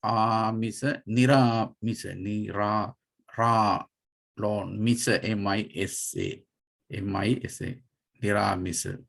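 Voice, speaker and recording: Slow, gravelly Sri monk teaching. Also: male voice, on the low side, fairly even intonation, a bit bright. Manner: patient, spells out terms letter by letter, many fillers. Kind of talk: slow dharma class lecture.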